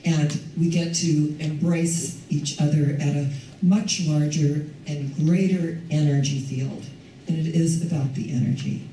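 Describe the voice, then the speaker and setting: Older female minister, mellow voice, easy conversational sermon, distant mic in a reverberant hall. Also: low voice, fairly even intonation, a little slow, a little hiss or hum. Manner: warm, conversational, laughs often. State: recovering from lost voice. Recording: echoey hall from far off.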